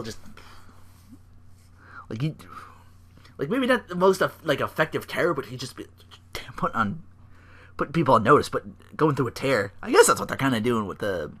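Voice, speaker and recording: A man talks alone in a loose, rambling podcast recap, swearing freely. His voice is bright and forward. His pitch swings widely as he jumps between thoughts. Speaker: podcast host. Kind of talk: casual solo recap.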